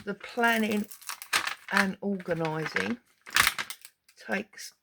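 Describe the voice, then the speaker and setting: A woman hosting a casual crafting vlog, giddy and excitable, chattering to herself at her craft desk as she unboxes a parcel. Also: medium pitch, very slow, gravelly, heavy background noise. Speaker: crafting channel host.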